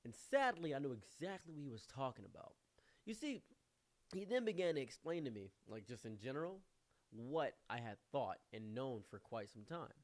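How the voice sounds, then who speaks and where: Young man, casual storytime, mid-pitched voice, rambling with fillers. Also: sing-song, moderate pace. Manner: rambling, filler-heavy, conversational.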